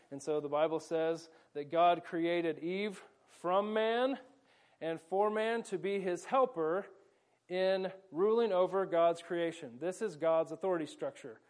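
A man's voice: high-pitched, measured pace. A man preaching a sermon, explaining with energy and playful asides while volunteers act out a scene. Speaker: pastor.

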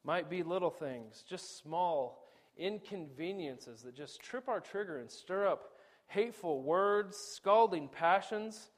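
Higher-voiced man preaching animatedly. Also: takes it slowly. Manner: animated preaching with quoted dialogue, pitch swinging up and down. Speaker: pastor. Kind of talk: sermon.

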